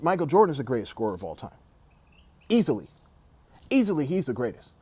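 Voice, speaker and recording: A man delivers an emphatic, opinionated sports rant. He hammers his points by repeating them and keeps saying "dog." His pitch jumps around a lot, and the recording is dry and close. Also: big pitch swings, quick pace, darkish tone, husky, dry recording. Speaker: sports commentator.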